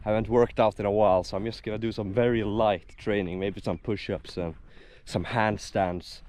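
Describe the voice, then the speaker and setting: A man's voice: lowish voice, fairly even intonation, moderate pace, darkish tone. A young man narrating his vlog to a handheld camera, chatty and rambling with plenty of fillers. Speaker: vlogger.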